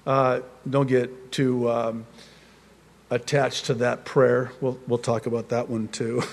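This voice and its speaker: A man preaching on a psalm, with humorous asides, laughing mid-sentence and telling stories in a lively way. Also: mid-range voice, slow pace, vocal fry, pauses often, in a large hall. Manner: lively storytelling. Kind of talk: sermon on a psalm.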